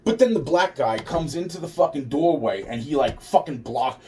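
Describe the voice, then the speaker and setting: A man's voice: fairly high pitch, expressive, moderate pace, a little mellow, far from the mic, a little hiss or hum. A man telling a rambling, profane personal story with sarcastic asides.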